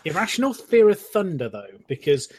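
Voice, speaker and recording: A man chatting as a guest on a live podcast stream, relaxed and joking as he rambles through stories. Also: sits high, fairly quick, dry recording. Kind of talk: casual live-stream chat.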